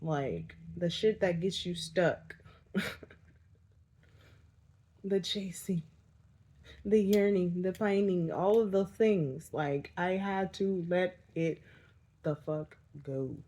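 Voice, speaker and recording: A woman's voice: lowish voice, slow, pauses often, warm tone. Candid, rambling spiritual vlogger woman. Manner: candid, rambling, swearing, laughing at herself. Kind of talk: casual spiritual energy update.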